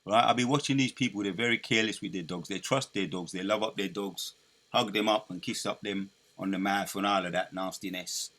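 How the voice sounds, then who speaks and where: A man preaching commentary, emphatic and repetitive, building up to loud declaiming as he reads scripture. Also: fairly low pitch, fairly quick.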